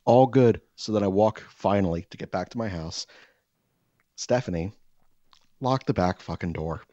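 A man telling a self-mocking comic story in casual chat, animated and swearing freely. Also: sits low, moderate pace, dry recording, lo-fi sound.

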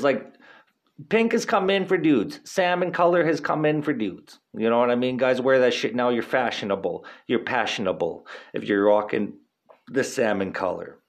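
A man in his thirties hosting a podcast, rambling casually in a laid-back, profane, slangy way with frequent laughs. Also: mid-range voice. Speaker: podcast host.

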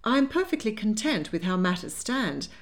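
A woman voicing a spirited young lady who answers in a crisp, indignant way. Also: mid-range voice, sing-song, normal speed, voice pushed up. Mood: defiant.

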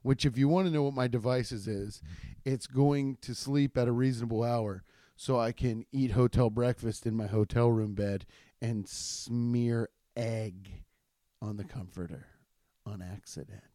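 A man's voice: medium pitch, steady tone, measured pace, dark tone, no room sound, clean studio sound. Rambling, profane male comedian. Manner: rambling, profane, with frequent restarts and laughs. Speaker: stand-up comedian. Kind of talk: casual storytelling podcast.

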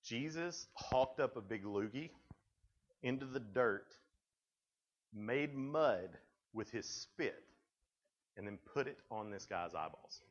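Guy doing a youth talk, jokey and casual, plays out little voices, mid pitch, bit muffled. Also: animated, takes it slowly, pauses often. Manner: casual, joking storyteller, acts out voices. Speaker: youth speaker. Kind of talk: youth sermon.

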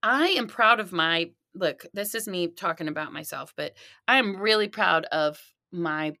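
A middle-aged woman in casual chat, telling animated stories with many fillers. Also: lowish voice, unhurried, dry recording, studio quality.

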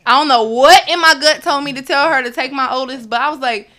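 Bright-voiced woman telling her story. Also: high voice, fairly quick. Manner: animated, acts out others' words in quotes. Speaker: guest. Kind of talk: personal storytelling.

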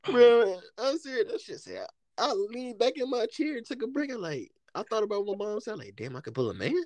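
A man's voice: sits high, brisk, dry recording. A man co-hosting a casual chat, telling stories with lots of laughter, swearing and acted-out quotes. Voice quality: animated, laughs often, swears freely.

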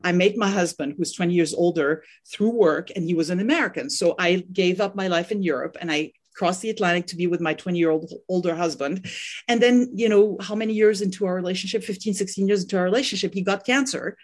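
A woman's voice: lowish voice, quick pace. A middle-aged woman from France with a French accent, a parenting coach speaking as a podcast guest. She talks earnestly and often repeats words while finding her thought. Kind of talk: podcast interview.

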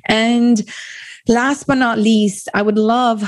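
A woman hosting a podcast who speaks in an emotional, halting way with many fillers, dedicating her show. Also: a little high, fairly even intonation, no room sound, studio quality. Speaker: podcast host.

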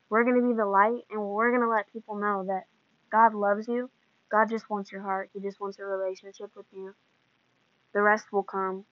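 Her voice mid-range, a woman hosting a podcast preaches an earnest, emotional devotional talk. It's a dry recording with a dull, lo-fi quality.

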